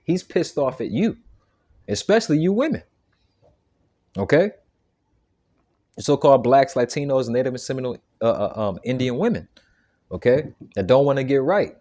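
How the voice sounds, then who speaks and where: A man with a warm voice of medium pitch gives a casual, emphatic sermon. He keeps stammering, restarting and repeating himself, and ends nearly each phrase with "man" or "okay."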